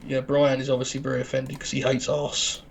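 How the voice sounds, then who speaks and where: Brief: wry male co-host with a gravelly voice, cracking dry jokes to the audience. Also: medium pitch, monotone, brisk, a little hiss or hum. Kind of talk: casual chat while playing a game.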